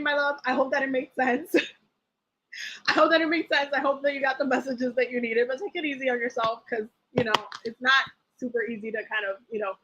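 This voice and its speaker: Woman, high voice, casual tarot reader, rambling, lots of fillers, animated. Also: slight background noise, poor audio. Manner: chatty, rambling, many fillers and restarts; animated, acts out quoted feelings. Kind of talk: casual live tarot reading.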